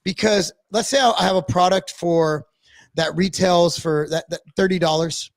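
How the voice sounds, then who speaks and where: Male co-host, higher pitch, blunt profane rambling delivery, dry close sound. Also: steady tone, normal speed, creaky, no echo. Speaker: podcast co-host. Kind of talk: casual chat.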